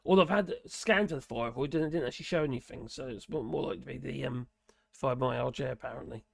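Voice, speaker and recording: A man with a Norfolk accent and a hoarse, gravelly voice, chatting casually on a live stream and reading out viewer comments in a rambling, muttering way. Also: medium pitch, fast, dry recording, studio quality. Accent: Norfolk English. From Norfolk, England. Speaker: livestream host reading chat.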